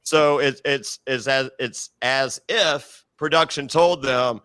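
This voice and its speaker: A man co-hosting a casual recap podcast, animated and laughing often as he acts out quotes. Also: mid-range voice, takes it slowly, few pauses, no room sound. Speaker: podcast co-host.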